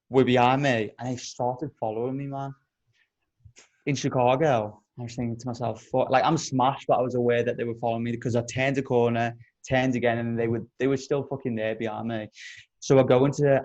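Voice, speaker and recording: Animated, swearing male podcast storyteller. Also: mid-range voice, dull audio. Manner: animated, profane anecdote telling. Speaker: podcast co-host. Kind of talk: casual storytelling chat.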